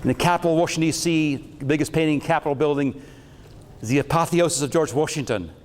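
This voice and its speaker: A man's voice: on the high side, fast, in a large hall, a little hiss or hum. A man giving a lecture with slides on metaphysics, talking in a rambling, jokey and irreverent way.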